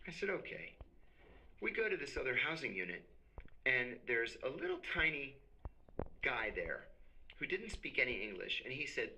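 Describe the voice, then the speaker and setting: A middle-aged man tells a long story to a host, acting out the voices of the people he quotes. His voice sits at an ordinary pitch, and a steady hiss of noise runs under the recording. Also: moderate pace. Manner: animated, acts out quoted voices. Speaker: podcast guest. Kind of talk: storytelling in conversation. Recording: noisy recording.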